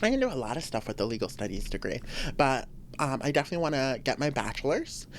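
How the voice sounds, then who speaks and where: Low-voiced woman venting on a podcast. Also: quick pace, a little hiss or hum. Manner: animated, venting, laughs often, swings to high exclamations. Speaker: podcast host. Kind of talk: casual solo podcast rant.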